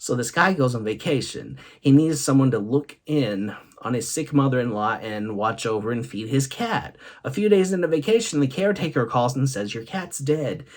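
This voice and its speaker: A man's voice: mid-range voice, expressive, moderate pace, few pauses. A man hosting a vlog, telling comic stories and laughing often between punchlines. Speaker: host. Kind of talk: comic storytelling monologue.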